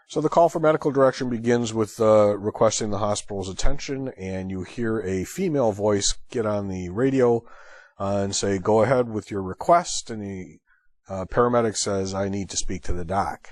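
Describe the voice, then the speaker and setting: In a dry recording, a man with a lowish voice hosts an EMS training lecture and walks through a call conversationally. As the instructor, he thinks aloud, using plenty of fillers.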